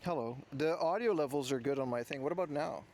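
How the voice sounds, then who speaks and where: A man's voice: on the high side, fast talker, gravelly, darkish tone. Chatty man streaming outdoors. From Netherlands. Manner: chatty, talks to viewers while fixing his mic. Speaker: livestream host. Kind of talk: casual IRL livestream talk. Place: outdoors by the ocean. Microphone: clip mic on his hat. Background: wind.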